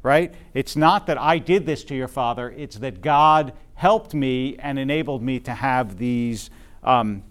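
A man's voice: medium pitch, a little slow. A man teaching a Bible class to a live group, thinking aloud with frequent fillers and restarts and often checking in with his listeners.

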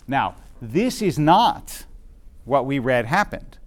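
A man's voice: medium pitch, big pitch swings, takes it slowly. A man teaching a Bible class to a live group, thinking aloud with frequent fillers and restarts and often checking in with his listeners.

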